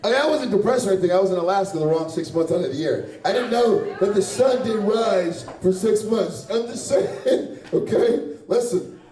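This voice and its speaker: A sweaty man works through a loose, crude stand-up set, laughing at his own jokes between lines. His voice sits high but has a mellow, dark tone. The sound is picked up from some way off, with the hard echo of a small bar. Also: normal speed. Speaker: stand-up comedian. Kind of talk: stand-up set at an open mic. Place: small bar or club with a live audience. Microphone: handheld stage mic. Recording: echoey room from far off.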